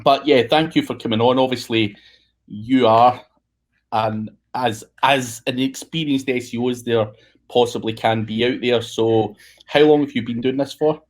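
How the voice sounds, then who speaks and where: A man hosts a podcast in a relaxed, chatty way, joking around and swearing casually. His pitch sits in an ordinary middle range. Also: normal speed. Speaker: podcast host.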